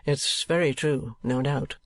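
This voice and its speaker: A man voicing a polite, earnest young gentleman who speaks in a courteous, measured way. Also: medium pitch, lightly acted.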